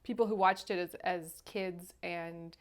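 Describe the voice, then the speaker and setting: A woman's voice: on the low side, fairly even intonation, unhurried. A woman co-hosting a casual movie review podcast, chatty and often acting out quotes. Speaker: podcast co-host.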